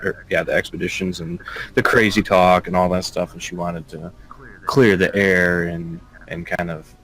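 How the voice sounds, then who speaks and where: Male tabletop player, lowish voice, jokey and rambling, keeps restarting his sentences. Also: a bit bright, poor audio. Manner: joking, rambling with many restarts. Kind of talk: casual chat among tabletop players.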